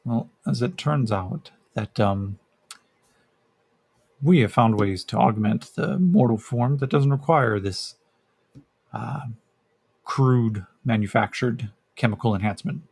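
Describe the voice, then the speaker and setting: A man voicing a cold, intelligent primate scientist who speaks in a quick, clinical, condescending way. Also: mid-range voice, animated, vocal fry, a little mellow, slightly rough, dry recording, exaggerated voice.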